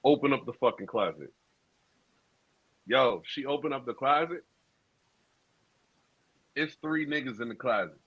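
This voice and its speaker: A man co-hosting a podcast, telling a profane story in a casual, animated street style. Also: medium pitch, unhurried, long pauses, husky, no echo. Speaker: podcast co-host. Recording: dull lo-fi sound.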